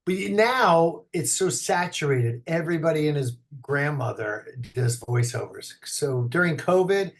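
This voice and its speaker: Raspy joking man, New York accent. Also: on the high side, measured pace, hardly any pauses. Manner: joking, animated storyteller who slips into voices. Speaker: actor and comedian guest. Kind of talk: casual interview chat.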